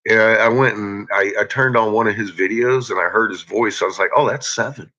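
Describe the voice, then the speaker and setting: A man's voice: fairly low pitch, steady tone, brisk, sharp tone. A man chatting to viewers on a live stream, rambling and swearing heavily. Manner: profane, rambling, heavy cursing. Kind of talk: casual live-stream chat. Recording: dull lo-fi recording.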